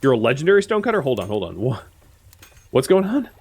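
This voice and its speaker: Man, let's-play commentator, casual, bouncy lively pitch, talks to his characters, mutters asides. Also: fast, husky. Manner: talks to the characters on screen, excitable outbursts then muttered asides. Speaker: gameplay commentator.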